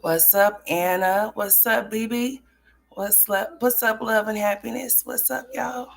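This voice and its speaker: A woman hosting a casual livestream, greeting viewers and chatting in a voice that is cracking and hoarse. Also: medium pitch, fairly even intonation, measured pace. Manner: chatty, greets viewers by name, drops into whispers. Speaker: livestream commentary host.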